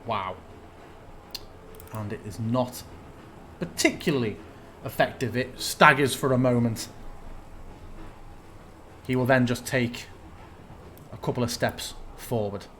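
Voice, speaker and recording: A man running a tabletop game as game master, calmly narrating and checking the rules as he goes. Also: medium pitch, takes it slowly, long pauses, a little hiss or hum.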